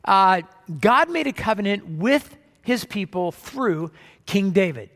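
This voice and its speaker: Man, pastor, conversational sermon, frequent restarts, high voice, reverberant church. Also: lively intonation, slow, a bit bright. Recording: long hall reverb.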